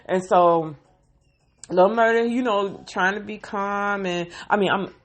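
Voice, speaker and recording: A woman's voice: mid-range voice, steady tone, takes it slowly. A woman casually recapping a TV episode into a phone, with sighs and heartfelt emotion. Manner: emotional, sighing, heartfelt retelling.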